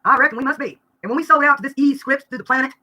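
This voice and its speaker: A woman, venting bluntly and rapidly during a live-stream vlog, breaking into laughter now and then. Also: high voice, bright, forceful tone. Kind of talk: rambling live-stream rant.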